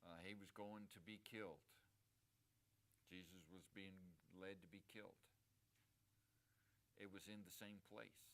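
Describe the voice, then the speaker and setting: A man's voice: deep voice, level tone, unhurried, pauses often, a bit bright, a little hiss or hum. A male pastor preaching a sermon at a church service, emphatic and full of rhetorical questions to the congregation.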